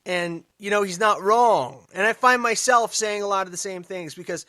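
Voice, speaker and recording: A man hosting a political commentary podcast, emphatic and sarcastic, dropping to mutters and then rising loud. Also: high-pitched, moderate pace, dry recording, clean studio sound. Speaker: podcast host.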